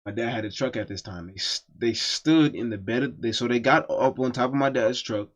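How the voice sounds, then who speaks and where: Man, casual storytime, profane, emphatic, average pitch, dull lo-fi sound. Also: a little fast.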